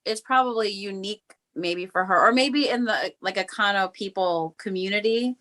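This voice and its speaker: A woman's voice: mid-range voice, moderate pace, sharp tone. This woman speaks in an ordinary mid-range voice. She co-hosts a casual podcast and argues her take on a TV episode in a chatty, opinionated way, with frequent "like"s. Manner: opinionated, argues points with many "like"s. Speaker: podcast co-host. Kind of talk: casual chat analyzing a TV episode.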